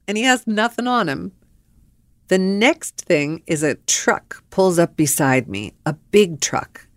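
A middle-aged woman hosting a podcast, telling stories in an animated, blunt way, laughing and swearing. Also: deep voice, dry recording. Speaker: podcast host. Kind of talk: storytelling monologue.

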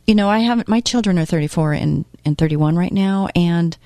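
A woman's voice: lowish voice, a little mellow, dry recording. A woman in her fifties hosting a faith talk show, asking the listener question after question and chatting about her own life. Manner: asks the listener many questions; chatty, tells personal stories. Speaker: radio show host. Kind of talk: casual faith talk monologue.

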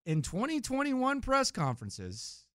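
High, lively male radio host. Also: unhurried, no echo, clean studio sound. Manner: animated, mock-serious, high-strung. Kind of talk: sports radio talk. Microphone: studio microphone.

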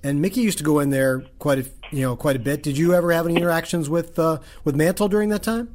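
Slightly high-voiced male interviewer. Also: darkish tone, slight background noise. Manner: prompting questions and quick backchannels. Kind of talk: casual interview.

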